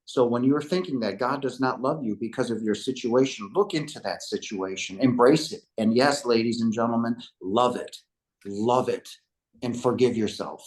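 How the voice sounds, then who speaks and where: A man's voice: mid-range voice, moderate pace, darkish tone. A man in his fifties, a podcast guest, giving an emotional spiritual testimony and addressing listeners like a preacher. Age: 50s.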